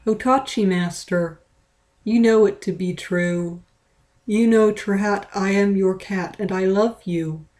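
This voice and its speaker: A woman's voice: medium pitch, steady tone, slow pace, darkish tone, lightly acted. A woman voicing a male pet cat who pleads earnestly with his master. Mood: pleading.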